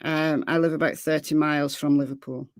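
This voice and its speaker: A woman's voice: deep voice, fairly even intonation, brisk, dry recording, clean studio sound. Chatty Lancashire woman streaming. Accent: Lancashire English. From Lancashire, England. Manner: chatty, repeats phrases, reads chat aloud. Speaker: true crime livestream host. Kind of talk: casual livestream chat answering viewers.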